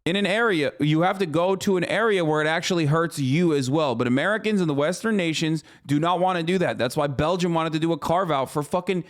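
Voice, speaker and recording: A man's voice: a little high, brisk, hardly any pauses. A man streaming a reaction to a news clip, ranting in an exasperated, profane way. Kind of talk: heated reaction commentary.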